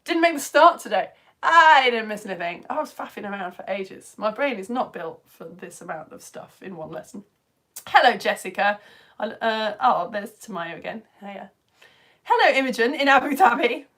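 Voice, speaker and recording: Lively, enthusiastic woman teacher. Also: medium pitch, moderate pace. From United Kingdom. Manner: chatty, enthusiastic, laughs often. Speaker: online science teacher for home educators. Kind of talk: live-streamed lesson, reading viewer comments.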